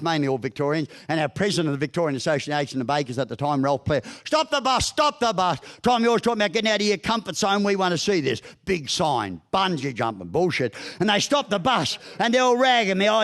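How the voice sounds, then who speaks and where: A middle-aged man with an Australian accent gives a humorous business talk, spinning folksy yarns with blunt mild swearing. His voice sits fairly high for a man. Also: a bit bright. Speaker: business speaker. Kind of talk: humorous keynote speech.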